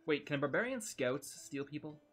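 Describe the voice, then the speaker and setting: Thirties male streamer, jokey, trails off, lively swooping delivery. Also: fairly high pitch, normal speed, soft background music. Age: 30s. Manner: joking, animated, often trails off mid-sentence. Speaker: co-host of a game livestream. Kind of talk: casual gaming stream chat.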